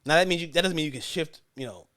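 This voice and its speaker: Guy doing a sports podcast solo, kinda high voice, opinionated and rambly, dry close sound. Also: racing, bright, forceful tone, no echo. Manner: opinionated, rambling, self-correcting with fillers. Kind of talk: casual sports talk monologue.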